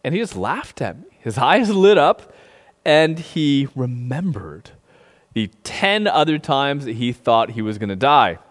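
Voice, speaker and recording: A male pastor preaching a sermon in a relaxed, conversational way, often checking in with "right?". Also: medium pitch, measured pace. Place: sanctuary streamed online. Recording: long reverb in a large room.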